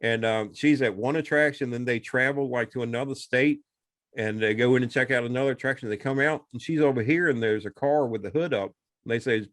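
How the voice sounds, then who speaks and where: Recorded in the studio with no room sound, this man has a mid-range voice and speaks a little fast. As a podcast co-host in casual chat, he rambles through a movie and acts out the characters' dialogue with animation.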